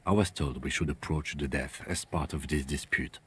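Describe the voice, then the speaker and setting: A man playing a calm, formal police lieutenant who speaks in a precise, measured way. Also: extremely low pitch, breathy edge, exaggerated voice.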